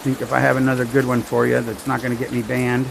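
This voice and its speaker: Gravelly-voiced storyteller, dry and rambling, with faint rain behind him. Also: male voice, mid-range voice, monotone, fast, noisy background. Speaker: storm-watching vlogger. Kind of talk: casual joke-telling livestream.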